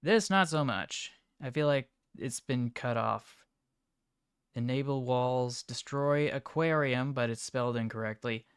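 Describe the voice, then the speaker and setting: A man of ordinary pitch with a smooth, resonant voice chats casually through a live stream. He reacts to viewers' images in a mumbling, offhand way, broken by sudden excited bursts. The sound is close and dry. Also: measured pace, no room sound. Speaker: livestreamer reacting to chat images.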